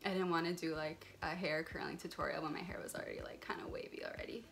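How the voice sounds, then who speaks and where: This beauty vlogger is a young woman chatting her way through a hair tutorial, full of filler words and rambling, shot on her phone in a warm room at home. She talks fast in a deep, creaky voice that still sounds fairly bright, keeping her tone steady.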